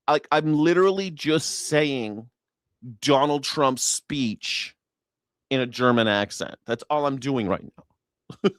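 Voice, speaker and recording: A man's voice: medium pitch, takes it slowly, no echo, clean studio sound. A man hosting a news reaction show, mocking and sarcastic, with a heated edge. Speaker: host.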